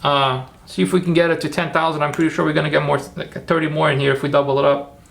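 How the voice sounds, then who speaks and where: A man's voice: on the high side, level tone, quick pace, creaky, a bit bright. A man hosting a casual livestream, chatty and rambling as he talks viewers through his steps and cheers them on. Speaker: livestream host.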